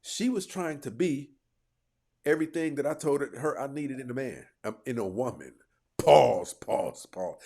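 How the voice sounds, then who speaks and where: A man hosting a casual livestream, reacting to his chat in a lively voice that jumps up and down in pitch. He talks back to commenters and keeps the commentary loose and conversational. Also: moderate pace. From United States.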